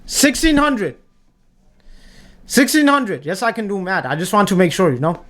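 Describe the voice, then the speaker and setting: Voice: medium pitch, very animated, normal speed, a bit bright. A young adult streamer ranting to a live chat in a tier-list commentary, repeating points emphatically and swearing often. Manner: repetitive, emphatic, swears a lot. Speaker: livestreamer talking to chat.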